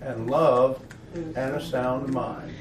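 A man's voice: mid-range voice, slow pace, crowd noise. A man in a Bible study group chiming in with brief remarks and a quoted verse. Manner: brief agreeing interjections. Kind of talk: chiming in from the audience. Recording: echoey room, distant mic, group around.

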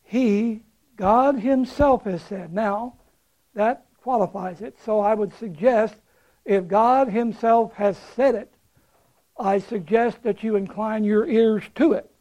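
A man's voice: sits high, slow pace, warm tone, low-quality recording. A male pastor preaching a sermon with fervor, repeating phrases for emphasis and closing in prayer.

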